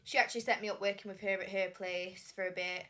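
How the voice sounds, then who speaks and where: Chatty young Yorkshire woman, bright voice. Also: medium pitch, quick pace. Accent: Yorkshire English. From Sheffield, England. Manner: animated, acts out quoted dialogue. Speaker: guest singer. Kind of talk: casual storytelling.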